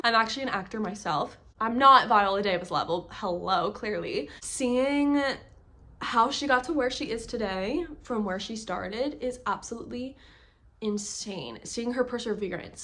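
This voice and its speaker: A woman's voice: medium pitch, fairly bright tone. A young woman gushing through a casual book review vlog, chatty and full of "like" fillers. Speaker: book vlogger.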